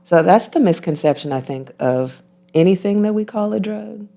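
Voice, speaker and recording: Woman guest, low mellow voice with fry, unhurried and reflective. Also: lively intonation. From United States. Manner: measured, repeats phrases for emphasis. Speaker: guest, intuitive healer and physician. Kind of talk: reflective interview talk.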